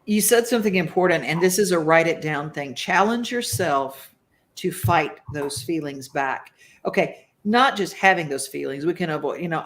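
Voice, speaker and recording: A woman's voice: low-pitched, expressive, normal speed. A woman hosting a talk show, speaking emphatically and reading viewer comments aloud. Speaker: host. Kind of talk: casual talk show chat.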